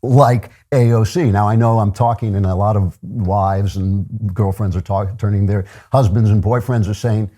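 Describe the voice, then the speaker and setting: Warm husky older male commentator. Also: fairly low pitch, fairly even intonation, moderate pace, hardly any pauses. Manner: sardonic, chuckling asides. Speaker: political commentary host. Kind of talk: opinionated monologue.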